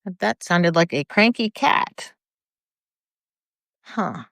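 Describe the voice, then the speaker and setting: An older woman livestreams from her front porch, rambling casually and greeting viewers by name, captured on a phone or camera. Her lowish voice is slow, lively in intonation, a bit bright with vocal fry, and the sound is clean and echo-free like a studio.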